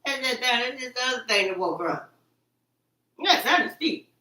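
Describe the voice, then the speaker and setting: A woman's voice: fairly high pitch, animated, moderate pace, sharp tone. A woman talking in a rambling, agitated monologue, repeating herself, cursing and quoting her own words back. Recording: echoey room, far from the mic.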